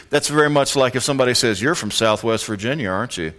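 A man's voice: mid-range voice, fast talker, hardly any pauses, fairly bright tone. A man with a Southern American accent preaching a sermon as pastor in a church, folksy and conversational, often quizzing his congregation.

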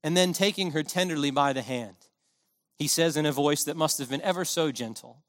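A man's voice: a little high, fairly quick, fairly bright tone, long reverb tail. A man preaching a sermon in an earnest, impassioned way, driving his points home with emphatic repetition.

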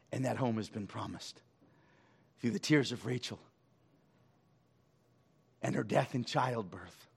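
A man's voice: mid-range voice, a little slow, vocal fry, long pauses, slightly rough. Man preaching with rising, falling intensity. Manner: dynamic preaching, swelling loud then dropping soft. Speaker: pastor. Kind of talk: sermon.

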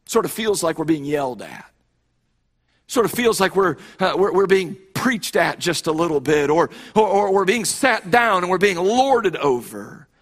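Husky-voiced man preaching a sermon. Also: a little high, fairly bright tone. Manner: emphatic preaching with frequent repetitions and restarts. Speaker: pastor.

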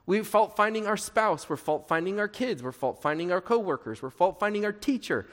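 A man's voice: high voice, expressive, brisk, a bit bright, long reverb tail. A pastor preaching a sermon, repeating his key phrases and asking the congregation questions.

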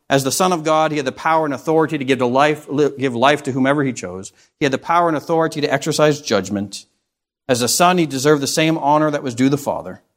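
A man preaching a sermon, reading scripture aloud and asking rhetorical questions in an earnest, expository way. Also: medium pitch.

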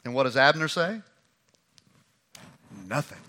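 Bright-voiced man preaching. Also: mid-range voice, unhurried. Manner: lively, conversational, acts out the scripture. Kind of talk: sermon.

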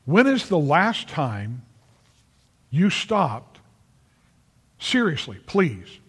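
Earnest preacher, slow and emphatic. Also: male voice, a little high, big pitch swings, fairly bright tone, breathy edge. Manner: earnest, emphatic, repeats phrases for stress; addresses listeners directly by name. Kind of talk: sermon. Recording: long reverb of a large hall.

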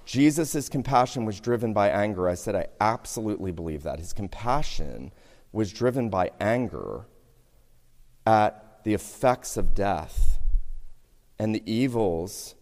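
Mann predigt in hallender Kirche. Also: male voice, fairly low pitch. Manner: preaching with swings between loud emphasis and hushed, slowed passages. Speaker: pastor. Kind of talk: sermon. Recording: hall reverb, sermon in a church.

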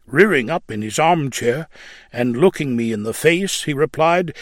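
A man reading a religious story aloud in a measured, solemn way. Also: medium pitch, expressive, no room sound, clean studio sound. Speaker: narrator.

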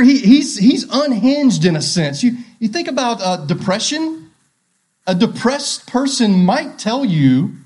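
A man's voice: high-pitched, a little mellow. A male pastor preaching a sermon, asking rhetorical questions and repeating key phrases.

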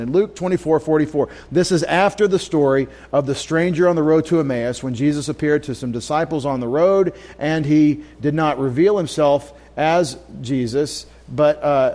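Male Bible teacher, slightly high voice, relaxed conversational delivery with anecdotes and audience questions. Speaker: pastor. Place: church.

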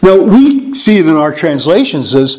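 Middle-aged guy preaching casually, kinda high voice, thinking out loud, little chuckles. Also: very animated, rough recording. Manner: musing, halting, with small chuckles. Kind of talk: conversational sermon teaching.

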